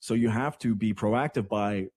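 A man from Canada hosting morning radio, talking in a chatty, rambling way with excitable asides. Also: fairly low pitch, moderate pace, dry recording, clean studio sound. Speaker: radio host.

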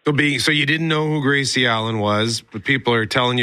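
A man hosts a live radio interview, talking to his guest in an eager, conversational way. His voice is bright and forward. It sits dry and close to the mic. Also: mid-range voice, fairly even intonation, fairly quick, few pauses, clean tone, no echo. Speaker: radio morning show host.

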